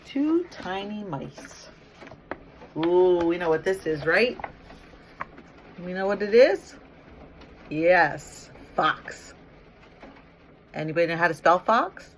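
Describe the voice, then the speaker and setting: A woman's voice: on the low side, slow, long pauses, slight background noise. Woman reading a picture book to children. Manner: lively, coaxing, asks children questions and praises answers. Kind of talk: read-aloud storytime with questions.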